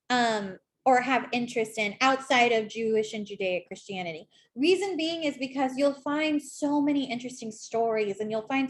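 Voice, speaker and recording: Woman, thirties, tarot reader, slightly high voice, casual and animated, talks straight to camera. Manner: chatty, animated, addresses viewer directly. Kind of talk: casual tarot reading talk.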